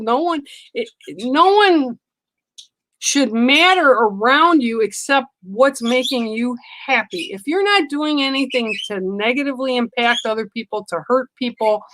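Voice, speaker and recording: A woman giving a casual live psychic card reading, unhurried, with frequent ums and restarts. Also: a little high, fairly bright tone, no room sound, poor audio. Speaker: psychic reader on a livestream.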